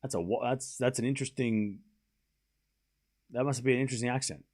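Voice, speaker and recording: A young man calls a tennis match point by point for his stream, rattling off shots in quick bursts. Between rallies he drops into easy, casual chat with his viewers. His voice sits at an ordinary middle pitch. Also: darkish tone. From Australia. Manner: calls each shot in quick running bursts, then chats casually with viewers. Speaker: stream host and tennis commentator. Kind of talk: live play-by-play tennis commentary on a stream.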